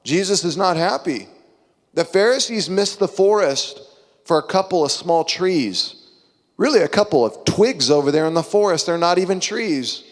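A young man preaching with a lively, conversational delivery, slipping into quoted voices to make his point. His voice sits a little high for a man. It rings out with a long hall reverb. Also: normal speed. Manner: animated, conversational, acts out quotes. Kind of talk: sermon.

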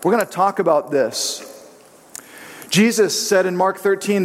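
A man pastor preaching a sermon in a church, animated and joking as he tells personal stories. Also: high voice, a little slow, pauses often, long reverb tail. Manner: animated, joking storyteller who slips into voices.

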